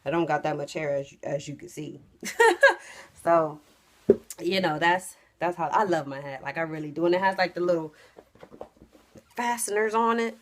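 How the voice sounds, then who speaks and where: Speaking at normal speed with frequent pauses, this young trucking vlogger relates a story straight to camera. Her casual, lively telling leaps into loud, high re-enactments and sinks into whispered asides.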